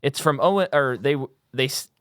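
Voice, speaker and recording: A man's voice: medium pitch, normal speed, fairly bright tone, a little hiss or hum. A man co-hosting a podcast in casual movie chat, rambling with many ums and easy laughs. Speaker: podcast co-host.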